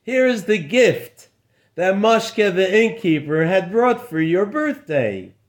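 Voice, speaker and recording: A man's voice: high voice, very animated, slow pace, pitched above the performer's own voice, exaggerated voice. A man voicing an eager, friendly doorman in a spoken story. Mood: formal. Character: eager uniformed male doorman.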